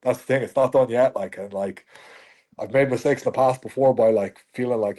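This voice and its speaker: A man's voice: medium pitch, brisk, dark tone. An Irish man in his thirties, a fighter guest in a podcast interview, talking bluntly with heavy swearing and emphatic, fired-up delivery.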